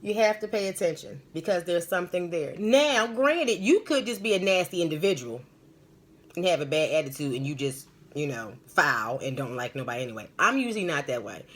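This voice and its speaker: Animated, rambling woman medium. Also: fairly low pitch, fairly quick. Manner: animated, rambling, emphatic, slangy. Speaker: spiritual medium hosting a live stream. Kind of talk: live-stream storytelling and advice.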